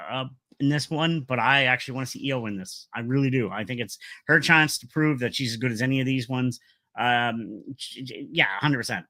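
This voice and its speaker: A man's voice: medium pitch, bright, forceful tone, no echo. A man casually recapping and ranting about a wrestling show, rambling with lots of fillers and strong opinions.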